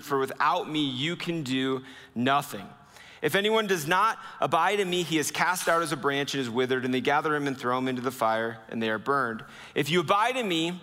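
A man preaching a sermon as pastor. He speaks earnestly, slowing down and dropping low to stress key lines. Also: pushed and bright, in a large hall.

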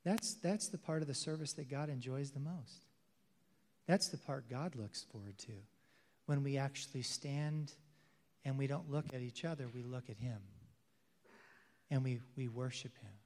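A male pastor preaching a sermon with emphasis, swinging between loud declarations and hushed, intimate passages. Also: medium pitch, normal speed, long pauses, a little hiss or hum. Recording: long hall reverb.

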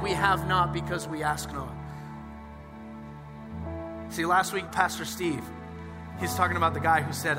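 A man preaching a sermon in a church, passionate, swinging between quiet asides and loud emphatic lines and slowing down to stress key phrases. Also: fairly high pitch. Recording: long hall reverb with music behind.

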